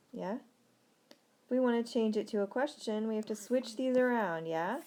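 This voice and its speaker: A woman teaching a recorded language lesson, speaking clearly and slowing down to model example sentences. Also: on the high side, mellow.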